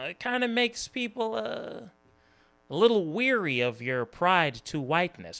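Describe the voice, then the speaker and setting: A man's voice: on the high side, lively intonation, normal speed, vocal fry, a bit bright. A man hosting a reaction video, talking in a casual, mocking and exasperated way, swearing often. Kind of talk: casual commentary.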